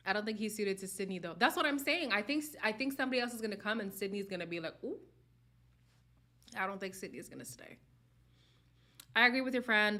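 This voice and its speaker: A young woman with a medium-pitched voice that sounds pushed and bright hosts a live reality-show chat stream. She talks casually and candidly with viewers, laughing often.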